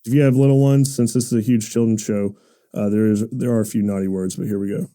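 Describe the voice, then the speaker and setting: A man hosting a podcast, telling comic stories in an animated, self-deprecating way and laughing often. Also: fairly low pitch, fast talker. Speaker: podcast host. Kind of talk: comic storytelling monologue.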